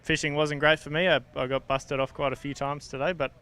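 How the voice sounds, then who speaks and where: A man's voice: fairly high pitch, flat delivery, a little fast, pushed and bright, clear, resonant tone. A man talking modestly as an angler at a fishing weigh-in. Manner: modest, self-deprecating, laughing.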